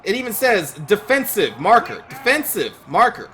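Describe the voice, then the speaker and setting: A man's voice: high voice, very animated, normal speed, bright, forceful tone, soft background music. A man giving gameplay commentary as a channel host, ranting in exasperation and swearing often.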